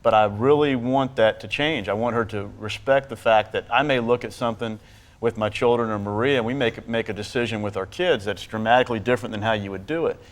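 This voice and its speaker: A man's voice: on the low side, brisk. Earnest, hesitant Virginian man. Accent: Virginian Southern. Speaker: talk show guest, son and husband.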